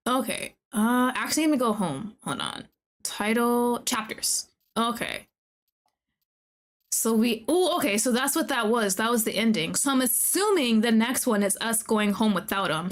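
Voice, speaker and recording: A woman streamer commenting on a game as she plays, gushing, excitable and talking straight to the characters. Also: on the high side. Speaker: VTuber streamer. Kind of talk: let's-play commentary.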